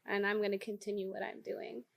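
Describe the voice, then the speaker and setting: A woman's voice: medium pitch, fairly quick, vocal fry. Blunt, profane woman guest. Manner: blunt, profane, animated storytelling. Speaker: guest, photojournalist and activist. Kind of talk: candid conversational interview.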